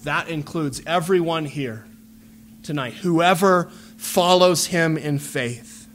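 A man preaching a sermon, earnest and measured, pleading with his listeners through repeated phrases. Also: on the high side, a bit bright, slight background noise.

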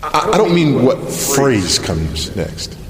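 A man preaching a sermon, earnest and searching, asking pointed questions with pauses for emphasis. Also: medium pitch, sing-song. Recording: long hall reverb.

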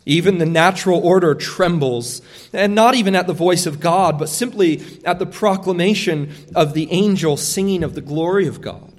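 Earnest preacher, slightly high voice, echoing hall. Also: male voice, normal speed. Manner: earnest, emphatic preaching with frequent restarts. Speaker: pastor. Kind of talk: sermon.

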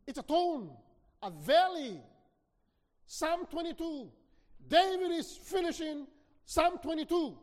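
High-voiced preacher with sweeping, dramatic delivery. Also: male voice, very animated, slow pace, pauses often. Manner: dramatic preaching with wide swings in loudness, bursts of shouting. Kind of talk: sermon. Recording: long hall reverb.

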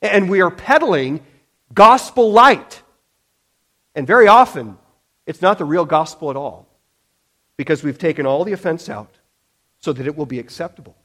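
Emphatic high-voiced male preacher. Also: lively intonation, brisk, a bit bright. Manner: emphatic, with frequent restarts and acted-out quotes. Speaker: pastor. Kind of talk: sermon.

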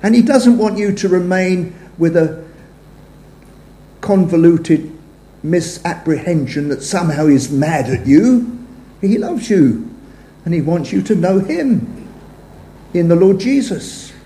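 Older male preacher, unhurried and mellow, slightly high voice, roomy church hall sound. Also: lively intonation. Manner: measured, phrases trailing off softly. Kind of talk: sermon.

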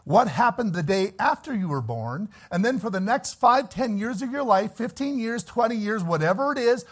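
A preacher with a high, animated voice that swoops up and down as he delivers his sermon. He drops low and slow to reflect, then climbs into loud, fervent exhortation that breaks into shouting at its peaks.

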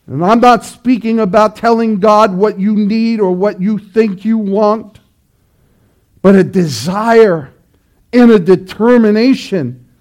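A man preaching from the pulpit in a high voice, taking his time with each phrase. He presses his points with emphatic repetition and swells into loud, pleading cries. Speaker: pastor. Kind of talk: sermon.

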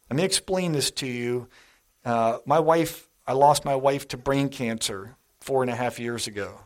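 A middle-aged man preaching a sermon in a church, telling stories in a conversational way and speaking straight to the congregation. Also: mid-range voice. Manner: conversational storytelling, addresses the congregation directly.

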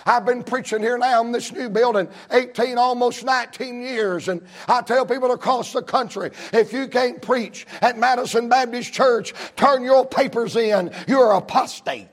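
At a church service, a man preaches a fervent sermon at a moderate pace, his pitch extremely high. His delivery uses emphatic, repetitive cadences broken by bursts of shouting.

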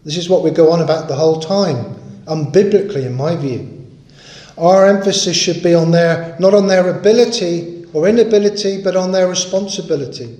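A man's voice: on the high side, a little fast, mellow, reverberant. A man preaching a sermon in an earnest, emphatic way, stressing and repeating his key points.

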